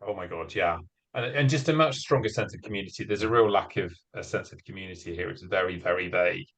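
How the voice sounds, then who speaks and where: A man's voice: low-pitched, fast talker, fairly bright tone, breathy edge, low-quality recording. A man in a community group video call, describing his rural home in a rambling way with many fillers.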